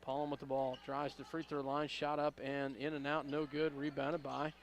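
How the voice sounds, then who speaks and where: A man's voice: on the high side, completely flat delivery, vocal fry, slight background noise. Man calling local basketball play-by-play. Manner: rapid play-by-play, rising on big plays, corrects himself. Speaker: play-by-play announcer. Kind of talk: local radio basketball commentary.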